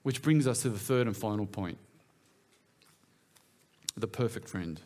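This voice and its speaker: A man's voice: on the low side, animated, measured pace, a little mellow. A man preaching in a church, talking in a conversational way and often putting questions to his listeners. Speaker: pastor. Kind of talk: sermon.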